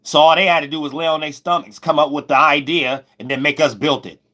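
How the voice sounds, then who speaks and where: A man giving a loose, rambling spiritual astrology monologue, repeating himself and breaking into sudden loud, high shouts. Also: steady tone, fast talker. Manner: loose, preachy, repeats "you know what I'm saying", bursts into loud high shouts.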